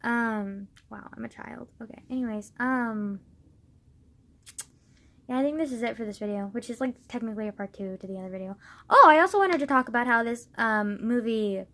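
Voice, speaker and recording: A young woman vlogging in a loose, rambling way, filling every gap with "like" and the odd swear word. Her voice sits a little high, and she drifts from sleepy mumbling to heated ranting. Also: moderate pace, a bit bright. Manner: rambling, heavy use of "like", swearing, gets worked up. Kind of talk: casual rambling monologue.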